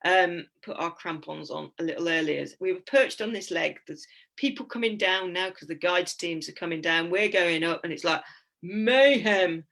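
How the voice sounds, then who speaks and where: A woman in her fifties giving a lively, blunt and humorous talk with slides about a climbing trip. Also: lowish voice, moderate pace, gravelly. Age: 50s.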